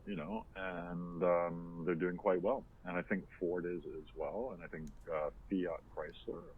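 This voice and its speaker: A man's voice: low-pitched, steady tone, measured pace, husky. A man co-hosting a podcast in casual, opinionated chat, rambling with lots of fillers and restarts, heard over a tinny phone-like line. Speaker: podcast co-host.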